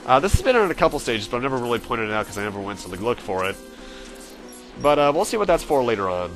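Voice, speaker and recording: A man gives relaxed let's play commentary over faint game music. His voice sits at an average pitch with a bright, forceful tone. He rambles chattily and catches his own slips. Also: quick pace. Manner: chatty and self-correcting, with frequent fillers. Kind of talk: casual gameplay commentary.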